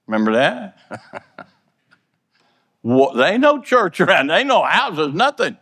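A man's voice: a little high, wildly swooping pitch, unhurried, a bit bright, husky, big-room sound. A man preaching a sermon in a plainspoken, folksy way, earnestly repeating and stumbling over words.

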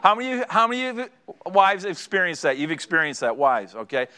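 A middle-aged male pastor delivering a sermon, lively and joking as he acts out little scenes from married life. His voice sits a touch higher than most men's. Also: brisk, smooth. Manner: animated storytelling, acting out conversations; joking, draws audience laughter.

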